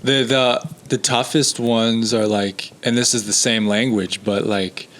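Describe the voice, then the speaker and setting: A man's voice: medium pitch, steady tone, measured pace, a bit bright. An American man, a comedian guest on a podcast, chatting in a laid-back, blunt way. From United States. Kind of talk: casual podcast chat.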